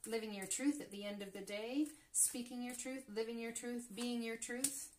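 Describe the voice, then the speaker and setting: A woman's voice: on the high side, fairly even intonation, normal speed, a little mellow, a little hiss or hum. A woman reading tarot cards for her viewers, often gasping and exclaiming as cards turn up. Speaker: tarot reader. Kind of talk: casual tarot reading to camera.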